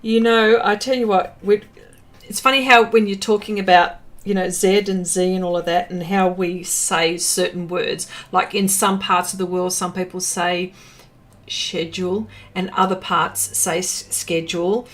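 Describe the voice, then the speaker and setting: Painting on a livestream, an Australian host chats casually and reads out viewer comments, filling her speech with lots of fillers. Her voice is on the low side, with a level tone and a moderate pace.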